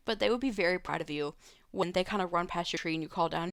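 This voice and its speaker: A woman's voice: fairly low pitch, fast talker, gravelly, no echo, clean studio sound. A woman streamer at home, answering viewer questions in a loose, rambling way with many fillers and restarts. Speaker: live streamer. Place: home room.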